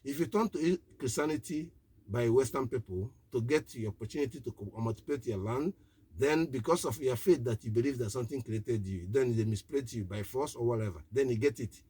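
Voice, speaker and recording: Husky man preaching on radio. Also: mid-range voice, brisk, mellow. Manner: preaching, short repeated declarations. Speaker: activist radio broadcaster. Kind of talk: impassioned live political address.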